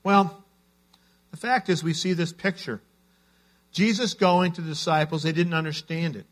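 A man's voice: on the high side, steady tone, normal speed. A man preaching a sermon as a pastor, telling stories in an earnest way.

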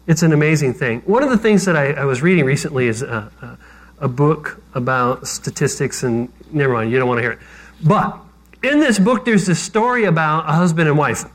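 A man's voice: a little high, a little fast. A man preaching a sermon as pastor, talking conversationally with self-deprecating jokes.

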